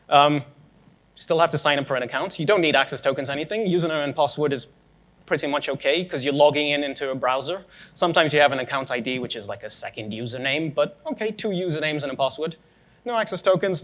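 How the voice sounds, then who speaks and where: A young man gives a tech talk at a conference, keeping it casual and sarcastic with joking asides. His voice is a little high and a bit bright.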